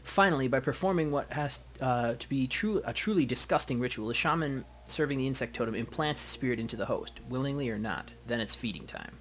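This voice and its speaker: A man's voice: mid-range voice, brisk, hardly any pauses, fairly bright tone, slight background noise, natural voice. Ancient immortal elf, read by a man, breezy, mocking, aloof. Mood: flippant.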